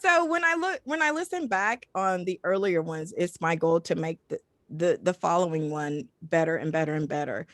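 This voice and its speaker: A woman's voice: fairly low pitch, animated, normal speed, no room sound. A woman who narrates audiobooks and podcasts, chatting effusively and emotionally on a video call panel. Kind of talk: casual panel chat.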